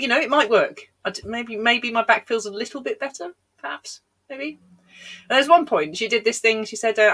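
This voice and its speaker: Woman, British, middle-aged comedian, bright clear tone, rambling live-stream chat, self-deprecating. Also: mid-range voice. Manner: rambling, self-deprecating, lots of ums and laughs. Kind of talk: chatty live-stream stand-up.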